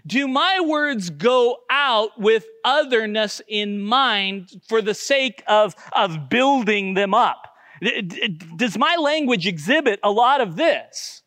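A middle-aged man preaching a sermon as pastor, earnest, moving from loud emphasis down to hushed, almost whispered lines. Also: high-pitched, lively intonation, slow, no echo.

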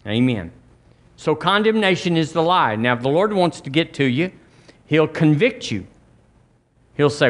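A middle-aged man preaching a sermon as pastor, folksy and conversational with quick asides. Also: on the high side, animated, fairly bright tone.

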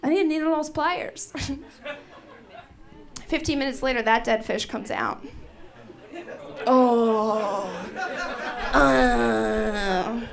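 A woman's voice: a little high, extremely slow, creaky, long pauses, crowd noise. A woman hosting a stand-up comedy show on a club stage, telling stories with lots of laughter into a handheld mic. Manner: animated, laughing through her stories. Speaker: stand-up host.

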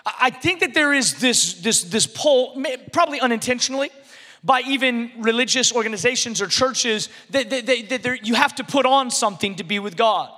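High bright-voiced guy in his 30s preaching, animated and chatty, lots of restarts, long hall echo. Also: brisk. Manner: animated, conversational, frequent restarts and fillers, acts out quotes. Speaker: pastor. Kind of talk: sermon.

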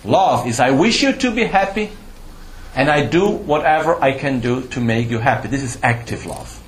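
A man's voice: mid-range voice, expressive, normal speed, slight background noise. A man giving a Buddhist teaching to a live audience, explaining patiently and checking in with questions, with slightly non-native phrasing. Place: retreat teaching hall. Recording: roomy hall, faint ambience.

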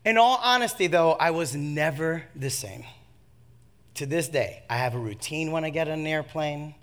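A man preaching a sermon, telling a comic personal story with lively swings from hushed asides to shouts, laughing at himself. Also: a little high, normal speed.

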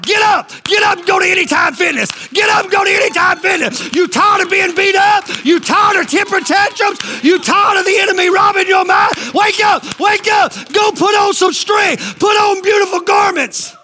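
A man's voice: very high voice, moderate pace, hardly any pauses, raised voice. A man preaching a charismatic sermon as pastor, hollering short repeated commands and calling on the congregation to respond.

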